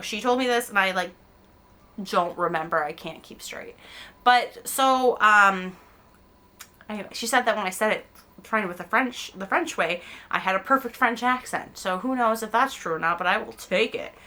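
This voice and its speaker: A woman's voice: mid-range voice, bright, forceful tone. An American-raised woman hosting a knitting podcast, chatting casually and rambling with ums and self-corrections as she knits at home on a camera mic. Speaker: podcast host. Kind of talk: casual chat while knitting.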